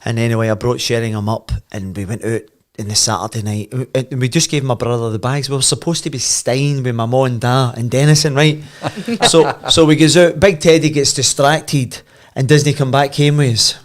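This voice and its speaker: A Scottish man in his fifties with a Glasgow accent, a podcast guest telling old football stories in a lively way, swearing and laughing as he goes. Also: mid-range voice, normal speed, hardly any pauses. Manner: animated, laughs and swears freely while telling. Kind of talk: casual anecdote storytelling.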